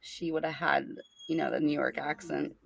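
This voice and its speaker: A chatty woman with a Pennsylvania accent, co-hosting a casual podcast. Her voice carries a strong gravelly fry at the ends of phrases. She rambles loosely, leaning on "like" and breaking into laughs. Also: deep voice, steady tone, a bit bright. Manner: chatty, full of "like" and quick laughs. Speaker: podcast co-host. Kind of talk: casual chat.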